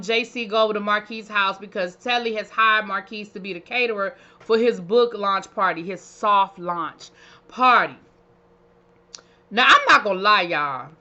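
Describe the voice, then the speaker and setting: A chatty woman recaps a reality show with sass and playful asides. Her voice is bright and forceful. The recording sounds a little dull and lo-fi. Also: mid-range voice. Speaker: reality TV reviewer. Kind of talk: casual recap commentary.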